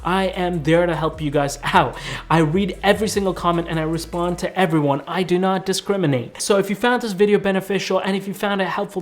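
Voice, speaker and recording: A man's voice: sits high, brisk. A man giving an enthusiastic, chatty tech product review and talking straight to his viewers.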